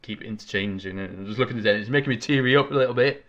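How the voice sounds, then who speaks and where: A man hosting a casual gaming podcast, talking in an excitable, chatty, rambling way into a desk microphone. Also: on the low side, very fast, dull audio. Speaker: podcast host.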